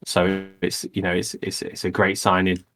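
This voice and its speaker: Brief: deep male co-host, casual, thinks aloud as he talks football. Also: completely flat delivery, moderate pace, vocal fry, fairly bright tone. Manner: conversational, thinks aloud with repeated starts. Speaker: podcast co-host. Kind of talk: casual football podcast chat.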